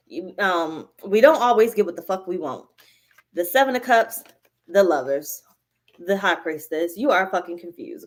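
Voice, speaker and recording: A woman's voice: medium pitch, a bit bright. A woman giving a live tarot reading, blunt and profane, hammering her points by repeating them. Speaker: tarot reader.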